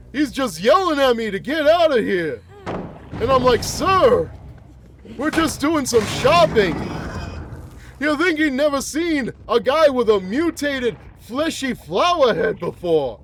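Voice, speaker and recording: Man putting on a creaky-pitched, slow, grumbling old monster who rambles and complains about everything. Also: sing-song, fairly bright tone, slight background noise, heavily acted. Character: cranky rambling old man, a mutated flower-headed monster. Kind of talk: gameplay roleplay commentary.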